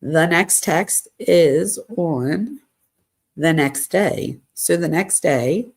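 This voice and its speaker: A woman's voice: sits low, expressive, very slow, breathy edge. A woman hosting a show, reading text messages aloud and adding dry, sarcastic asides. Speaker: host.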